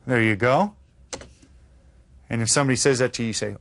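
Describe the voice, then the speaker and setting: A man teaching a children's language lesson, modeling phrases slowly and clearly for the class to repeat. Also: mid-range voice, a bit bright. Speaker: Spanish teacher.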